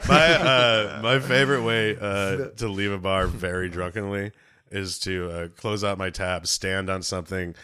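Bright-voiced man telling stories animatedly. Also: low-pitched, a little slow, clean tone. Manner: animated storyteller, swears a lot. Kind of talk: casual chat.

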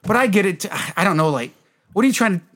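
This Detroit podcast co-host has a high-pitched, slightly bright voice with big pitch swings, and he talks fast. In casual storytelling, he rambles through profane anecdotes, laughing as he goes.

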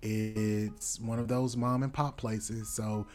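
A man co-hosting a casual podcast, playful and loud, his pitch jumping high when he jokes. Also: flat delivery, takes it slowly. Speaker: podcast co-host. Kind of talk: casual chat.

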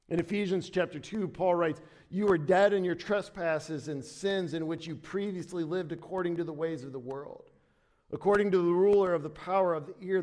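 A man delivering a church sermon in a slightly higher-pitched voice. He preaches conversationally, repeating himself as he restarts, then pushes up in pitch and force for emphasis. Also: darkish tone. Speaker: pastor. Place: church sanctuary.

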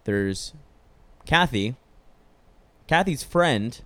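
A man's voice: mid-range voice, expressive, extremely slow, sharp tone, dry recording. A young man telling a long story in casual chat, rambling with lots of filler words and swearing freely. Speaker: podcast storyteller.

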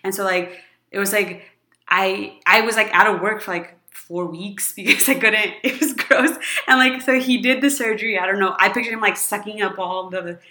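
A woman's voice: medium pitch, fairly even intonation, normal speed, pushed and bright, echoey room. A woman in her thirties telling a long personal story to friends in casual chat, rambling with lots of fillers and frequent laughter.

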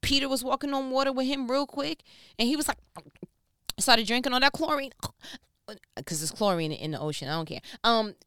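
A woman's voice: high voice, brisk, pauses often, fairly bright tone, clear, resonant tone, dry recording, clean studio sound. A woman giving a casual, joking devotional talk, speaking straight to the listener. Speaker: Bible teacher.

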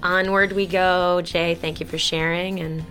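A woman's voice: lowish voice, level tone, measured pace, fairly bright tone, soft background music. A woman co-hosting a podcast, speaking affectionately and laughing often. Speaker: podcast co-host. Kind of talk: casual podcast chat.

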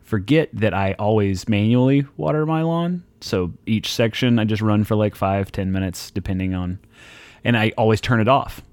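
A man's voice: on the low side, moderate pace, darkish tone, dry recording. A man co-hosting a casual chat show, telling rambling stories laced with profanity. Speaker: podcast co-host.

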